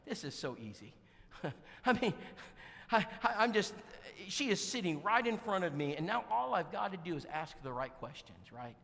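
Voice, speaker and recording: A man preaching in a bright, high voice, his pitch leaping up and down as he tells a story. He speaks folksy and emphatic, and the sound lingers in a long church hall reverb. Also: very animated, moderate pace, gravelly. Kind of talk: sermon storytelling. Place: church sanctuary.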